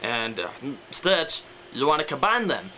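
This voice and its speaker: A man's voice: mid-range voice, big pitch swings, measured pace, sharp tone, a little hiss or hum, low-quality recording. A young man explaining death metal vocals in a casual, rambling way, full of fillers and trailing off, breaking into growls and screams as he demonstrates. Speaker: vocal tutorial maker.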